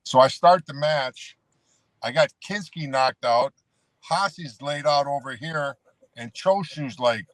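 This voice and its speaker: A man's voice: on the high side, slow pace, dry recording. A man, a former pro wrestler, telling road stories as a guest in a casual, rambling way, calling the host "brother" and leaning on "you know". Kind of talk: casual storytelling.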